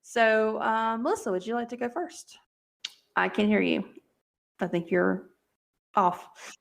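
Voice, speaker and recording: A woman's voice: fairly high pitch, unhurried. A woman co-hosting a podcast in casual, upbeat chat with a tired voice. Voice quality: gravelly, tired voice. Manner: chatty and upbeat, with fillers. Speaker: podcast co-host.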